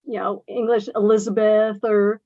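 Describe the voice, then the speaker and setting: A woman's voice: mid-range voice, flat delivery, normal speed, warm tone, no echo, muffled recording. A woman who teaches English as a second language, speaking earnestly and emphatically with many fillers in a workshop discussion. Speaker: ESL instructor.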